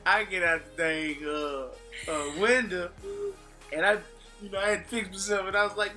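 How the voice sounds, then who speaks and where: A man's voice: high-pitched, normal speed. A man on a vlog telling a story in casual talk, acting out what people said and laughing often. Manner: animated, acts out quotes, laughs often. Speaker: vlogger recounting a fight. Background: faint background music.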